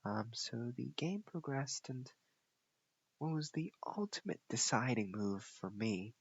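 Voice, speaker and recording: A man's voice: mid-range voice, expressive, unhurried, breathy edge, dull audio. A man reviewing one of his chess games, explaining the moves step by step. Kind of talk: chess game analysis.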